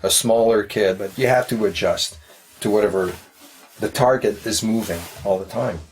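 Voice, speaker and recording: A man's voice: on the low side, moderate pace, poor audio. A man who is a karate instructor, a guest on a podcast, explaining his ideas thoughtfully with everyday comparisons. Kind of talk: casual podcast interview.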